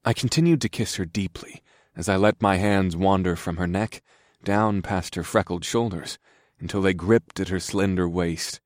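A man narrating a story in the first person in a calm, steady, soft-spoken way. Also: low voice, moderate pace, dry recording, studio quality.

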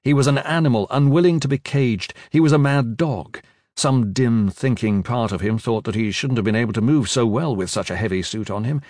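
Male narrator, mid-pitched, reads fantasy action with dramatic intensity, dead-dry close recording. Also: brisk, darkish tone, no echo. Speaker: audiobook narrator.

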